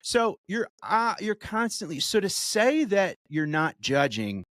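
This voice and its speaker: A man's voice: sits high, big pitch swings, measured pace, fairly bright tone, dry recording. A male stand-up comedian co-hosting a podcast, chatting casually with emphatic, profane riffs. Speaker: podcast co-host.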